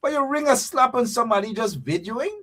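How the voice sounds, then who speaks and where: A man with a Guyanese accent hosting a livestream, ranting in an animated, repetitive, scolding way full of local slang. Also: extremely high pitch, brisk. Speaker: show host.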